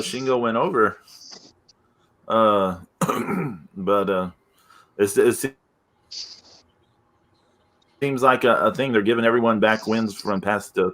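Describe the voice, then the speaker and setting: A man's voice: fairly low pitch, pushed and bright. A man hosting a casual podcast who talks hesitantly, with many fillers and frequent laughs. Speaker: podcast host.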